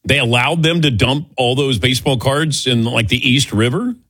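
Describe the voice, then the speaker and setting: A man in his sixties hosting a sports call-in radio show, chatty and quick to laugh as he takes callers. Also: medium pitch, a bit bright, husky, no echo, studio quality. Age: 60s. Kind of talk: casual call-in radio chat.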